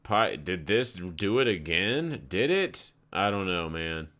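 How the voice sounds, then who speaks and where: With a low, slightly bright voice, the crypto livestream host speaks slowly yet very animatedly. He ambles casually through charts and stories in a relaxed, rambling manner, cursing freely.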